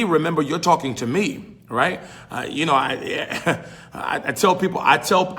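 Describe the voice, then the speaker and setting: A man's voice: sits high, a bit bright. A man, a pastor hosting his own podcast, talking in an emphatic, repetitive, folksy preaching style.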